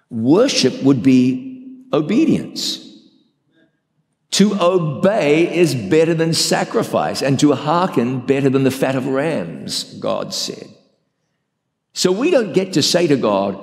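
A man's voice: mid-range voice, very animated, slow, gravelly. A man pastor preaching an emphatic, dramatic sermon and acting out quotes. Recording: reverberant hall.

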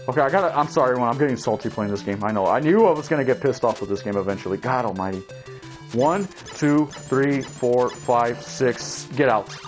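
A young man giving casual gameplay commentary, swearing, shouting at enemies and talking to his viewers as he plays. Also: medium pitch, normal speed, faint music behind. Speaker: let's play gamer.

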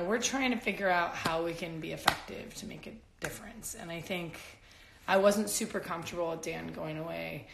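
A woman's voice: on the low side, vocal fry, a bit bright, reverberant, slight background noise, poor audio. A woman joining a casual phone livestream, speaking in a heartfelt, hesitant way. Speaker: wife of the host.

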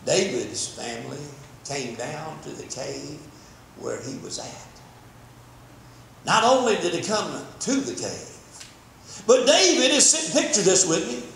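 Older preacher, sermon, high lively voice, booming church echo. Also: male voice, takes it slowly, creaky. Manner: fervent, storytelling, repeats words. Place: church sanctuary. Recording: very echoey church, faint background noise.

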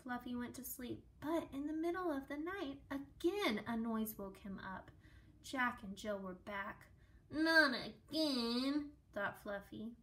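A woman reads a children's book aloud, slowly and gently, with small asides of her own. Her voice sits a little high and every line is expressive. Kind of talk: storybook read-aloud with asides.

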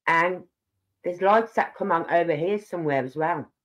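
An older live-stream host chats casually and at length. The talk wanders from topic to topic and keeps turning back to the audience. The voice sits at an ordinary middle pitch. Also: normal speed, fairly bright tone. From Birmingham, England. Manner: rambling, chatty, talks straight to viewers. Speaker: livestream host.

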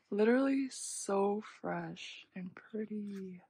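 A young woman gushes her way through an unboxing, gasping and dropping into half-whispers. Her voice is slow, with a gravelly, husky edge, and it sounds close and dry. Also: medium pitch, animated, dry recording. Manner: gushing, frequent gasps and soft half-whispers. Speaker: unboxing vlogger. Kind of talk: casual unboxing commentary.

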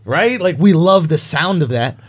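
A man's voice: a little high, lively intonation, a little slow, slightly rough. A man hosting a casual podcast chat, animatedly breaking down how comedy works. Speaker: podcast host.

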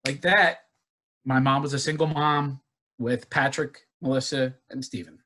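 A man from Northeast Philadelphia giving an earnest personal recovery talk, halting with many restarts and fillers. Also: medium pitch, fairly even intonation, bright, forceful tone. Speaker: guest speaker. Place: virtual forum presentation.

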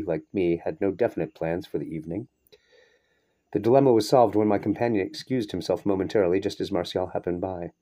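A man reading a short story aloud in a steady, measured way, now and then breaking off for a brief aside. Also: fairly low pitch. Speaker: reader. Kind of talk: audiobook narration of a short story.

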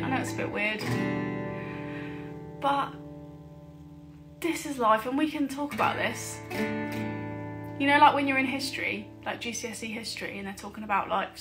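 A woman singer-songwriter, chatting casually between songs from her living room, jokey and self-mocking. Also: fairly high pitch. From England. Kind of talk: casual chat between songs at a home livestream gig.

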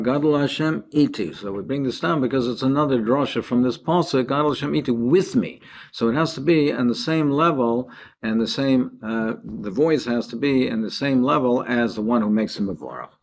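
A man's voice: mid-range voice, a little mellow. A man, a rabbi, giving a daily Talmud lesson. He reads each phrase of the text, then explains it in plain words, and his voice rises and falls sharply for emphasis.

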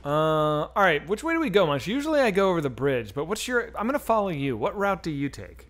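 Animated man chatting on a game stream. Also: high-pitched, quick pace. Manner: loose and profane, talks to chat while playing. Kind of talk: casual gaming livestream chat.

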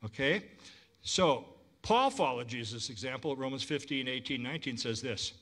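A man preaching a sermon as pastor, lively and inviting the congregation to respond. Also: mid-range voice, moderate pace.

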